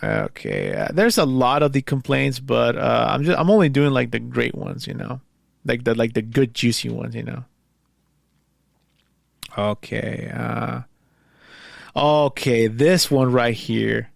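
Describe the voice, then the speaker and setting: A man's voice: mid-range voice, lively intonation, unhurried, creaky, pauses often, no echo, studio quality. A man hosting a casual solo show, reading posts aloud and commenting on them in a rambling, conversational way. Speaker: podcast host.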